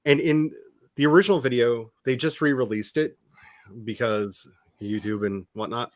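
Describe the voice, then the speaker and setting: A man's voice: mid-range voice, moderate pace, no room sound. A man, co-hosting a podcast, chatting casually and musing with many restarts. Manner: rambling, self-reflective, with restarts. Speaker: podcast co-host. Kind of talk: casual chat.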